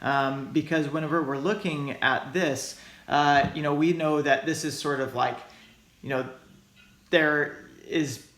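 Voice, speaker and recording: A man's voice: on the high side, steady tone, unhurried, a bit bright. Man, teacher, recorded lesson, casual hedging, frequent "right?", echoey room. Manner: loose, hedging, many "sort of", checks in with "right?" and "okay?". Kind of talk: recorded lecture explaining logic.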